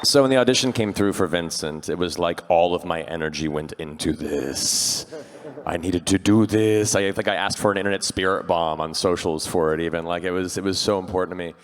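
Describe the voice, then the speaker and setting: A man with a very low voice tells an eager, animated anecdote as a panel guest. His mic carries a long reverb from a large hall. He talks casually, building the story up. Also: a little fast. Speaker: voice actor on a convention panel.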